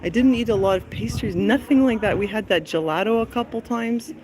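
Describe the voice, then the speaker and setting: A woman's voice: medium pitch, brisk, darkish tone. Chatty woman vlogging on an uphill walk. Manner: chatty, breathless from climbing, yawning. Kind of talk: walking travel vlog. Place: outdoors in a hilly lakeside town.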